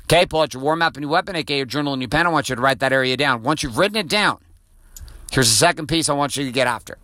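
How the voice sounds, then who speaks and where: A man's voice: mid-range voice, rapid-fire, pushed and bright, no room sound. A middle-aged man hosting a motivational podcast from his car, blunt and profane in a coaching tone. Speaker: podcast host.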